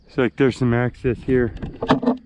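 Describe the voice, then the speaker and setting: A man's voice: medium pitch, flat delivery, unhurried. A man narrating as he hikes up a rocky trail, out of breath and wondering aloud at what he finds. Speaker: hiking vlogger. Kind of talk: casual narration while hiking. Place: outdoors on a rocky hillside. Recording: outdoor camera audio with background noise.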